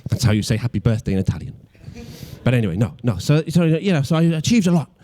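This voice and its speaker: A man's voice: medium pitch, big pitch swings, fast talker, dark tone. A young man in his twenties with a Welsh accent doing a stand-up routine, self-deprecating and mock-logical, with stammering restarts. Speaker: stand-up comedian.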